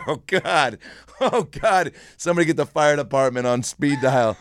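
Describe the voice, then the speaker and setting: A man's voice: mid-range voice, normal speed, clear, resonant tone, no echo. A young man hosting a casual podcast chat, joking and riffing in silly voices. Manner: jokey, riffs with silly put-on voices. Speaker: podcast host.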